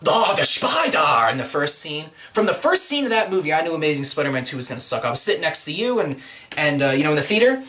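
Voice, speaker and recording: Animated man ranting about movies. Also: fairly high pitch, quick pace. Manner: ranting, animated, puts on silly voices. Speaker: podcast host. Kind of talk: casual movie-review chat.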